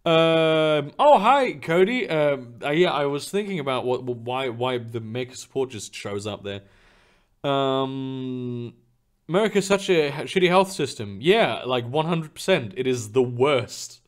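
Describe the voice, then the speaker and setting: A man's voice: mid-range voice, expressive, unhurried. A young man chatting casually on a live stream from his room, rambling and swearing freely with lots of fillers and restarts. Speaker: streamer reading chat. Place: home room.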